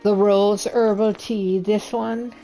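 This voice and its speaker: A woman's voice: medium pitch, flat delivery, slow, warm tone, faint music behind, rough recording. A woman voicing a hospitable female wood elf who chats while offering food in a game role-play. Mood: cozy. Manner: chatty, listing food offhandedly. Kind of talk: tabletop-style online game role-play.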